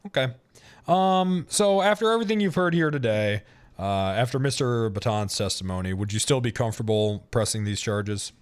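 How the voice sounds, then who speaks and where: Brief: male streamer voicing a defense lawyer in role-play court, casual, joking, mid-pitched. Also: animated, normal speed, clear, resonant tone.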